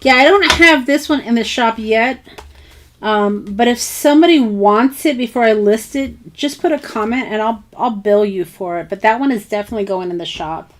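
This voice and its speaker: A woman hosting a craft channel talks through a tutorial casually and hesitantly, thinking aloud with many ums and bits of self-talk. Her pitch is fairly high and her speed normal.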